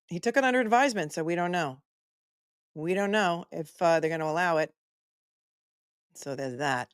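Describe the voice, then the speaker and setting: A woman's voice: low voice, dry recording, clean studio sound. A woman attorney hosting a live stream, chatting casually and playfully while reading out viewer messages. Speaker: attorney commentator hosting a livestream.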